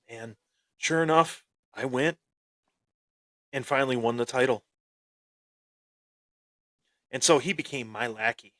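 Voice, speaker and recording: A man hosting a wrestling podcast and telling a story with boastful heel bravado. He breaks into sudden loud bursts and often repeats and restarts his phrases. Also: mid-range voice, normal speed, no room sound. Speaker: podcast host.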